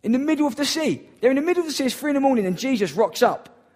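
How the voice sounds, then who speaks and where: A man's voice: very high voice, expressive, racing, a little mellow. A man preaching a sermon in an earnest, emphatic way, repeating key phrases for weight.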